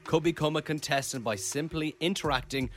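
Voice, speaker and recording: A man hosts a radio phone-in game in an upbeat, brisk manner. He has a high-pitched voice. A faint music bed runs under him. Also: fairly bright tone. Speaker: radio host running a game. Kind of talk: game show hosting.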